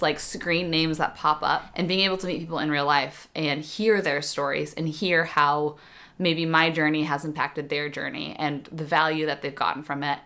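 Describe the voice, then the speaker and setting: A woman in her thirties vlogging from a hotel room, chatty and openly emotional, talking to a camera sitting on her bed. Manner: chatty and openly emotional, voice swinging high when excited. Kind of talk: casual vlog chat.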